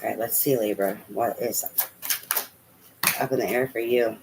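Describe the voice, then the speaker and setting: A man's voice: medium pitch, fairly even intonation, moderate pace. Male tarot reader, casual, chatty, a bit profane, mid-range voice, faint background noise. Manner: chatty, swears casually, talks to spirit aloud.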